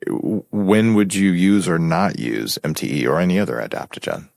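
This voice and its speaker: A middle-aged man hosting a conversational podcast, his low voice rising and falling with lively animation as he explains. He talks in quick, engaged asides. The recording is dry and close. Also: vocal fry, dry recording. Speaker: podcast host. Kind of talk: conversational interview.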